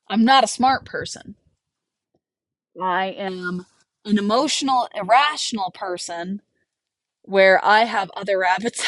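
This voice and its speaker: A woman's voice: mid-range voice, dry recording. A young woman chatting casually and rambling while working outside a barn, laughing often. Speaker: homesteader and livestream host. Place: outdoors by a barn.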